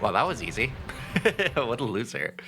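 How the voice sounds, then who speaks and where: A young man chatting casually while streaming a game, laid-back and joking, getting excitable. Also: medium pitch, normal speed, heavy background noise.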